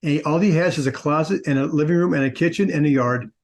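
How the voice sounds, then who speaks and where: A man's voice: on the high side, quick pace, gravelly, a little mellow. A man doing an earnest little boy.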